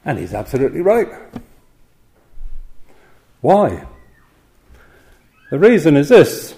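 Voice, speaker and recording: A man preaching an evening sermon, earnest and emphatic, posing rhetorical questions and slowing down to quote scripture. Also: a little high, wildly swooping pitch, creaky, mellow.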